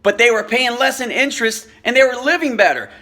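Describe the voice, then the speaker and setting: A man's voice: very high-pitched, expressive, brisk, pushed and bright. A man talking to his viewers about credit as a coach, earnest and passionate, often stumbling and repeating words. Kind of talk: motivational vlog talk.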